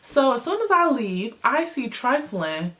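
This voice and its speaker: A young woman vlogger telling a story in a casual, chatty way, with lots of fillers, jumping high in pitch when she acts out what people said. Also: unhurried, background noise. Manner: animated, acts out quotes with big pitch jumps.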